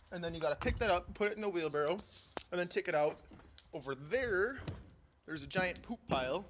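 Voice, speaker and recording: A man's voice: on the high side, fairly bright tone, a little hiss or hum. A young man from Indiana, out of breath, profanely complaining in a casual vlog as he walks around a farm outdoors. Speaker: vlogger. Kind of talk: casual vlog walk-through, ranting. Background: faint insects and crickets.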